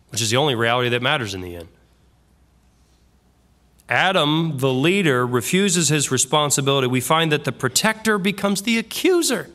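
Earnest, slightly high-voiced male preacher. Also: sharp tone. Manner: earnest, conversational preaching with vivid acted-out examples. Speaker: pastor. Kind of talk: expository sermon.

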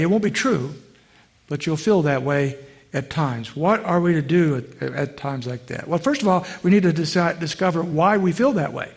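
A man preaches a sermon in a voice that sits a little high for a man. He keeps it conversational and often asks the congregation questions. On the heavier phrases he sinks lower and softer. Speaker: pastor.

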